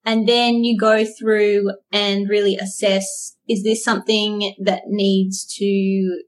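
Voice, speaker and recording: A woman's voice: medium pitch, level tone, slow pace. A woman co-hosting a podcast, explaining a method step by step in loose, filler-heavy casual talk. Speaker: podcast co-host.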